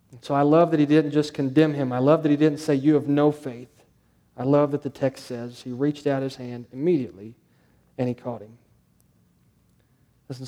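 A man's voice: on the high side, darkish tone. A male pastor preaching a sermon, stressing points through repetition and rhetorical questions.

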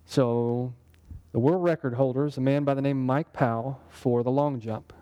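In a relaxed, mellow voice of medium pitch, a man guides a Bible study with easygoing conversation. He frequently pauses to ask his listeners brief questions, so the interactive sermon feels more like casual teaching than formal preaching.

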